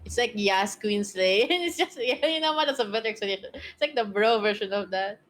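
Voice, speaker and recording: Giggly young woman, slightly high voice. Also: fast talker, fairly bright tone. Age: young adult. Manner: giggly, rambling, laughs often. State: strained throat. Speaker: streamer. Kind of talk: casual stream chat.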